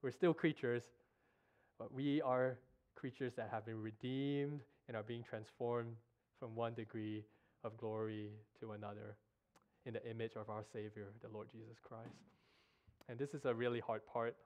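A man preaching a sermon in a church, earnest and emotional, halting with restarts as he speaks. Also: mid-range voice, level tone, a little mellow. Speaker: guest preacher. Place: church sanctuary.

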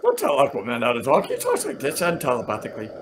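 A man with a mid-range voice and huge pitch swings plays a dopey, telepathic sea-hero persona as a co-host in a goofy reaction video. His voice cracks as if breaking, and he's earnest, dreamy and deliberately silly. Background noise is present.

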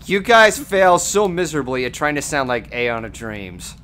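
A man's voice: medium pitch, big pitch swings, moderate pace, bright, forceful tone, slight background noise. A man playing a game and chatting with friends, swearing freely and teasing them. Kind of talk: casual gaming chat.

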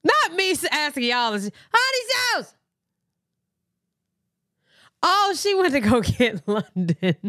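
A woman hosting a live reaction stream, excitable, squealing and laughing often. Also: sits high, moderate pace, few pauses, dry recording, studio quality. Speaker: reaction livestream host.

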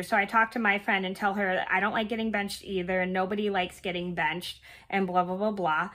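A woman in her thirties, hoarse and scratchy while she gets over a cold, tells a casual story as she crochets. Her voice is bright, and she rambles on with lots of fillers and restarts. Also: medium pitch, moderate pace, few pauses. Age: 30s. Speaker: vlogger.

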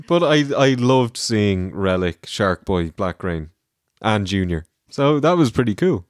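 A man co-hosting a casual review chat, asking questions and chiming in with quick agreement. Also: fairly low pitch, big pitch swings, dry recording. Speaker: co-host.

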